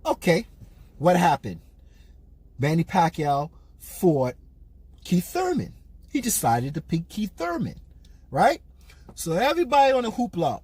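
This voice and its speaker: A man talking casually as a boxing vlogger, ranting in an animated way, repeating himself and firing off rhetorical questions. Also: high voice, a little slow, long pauses, breathy edge, no room sound. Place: in a car while parking.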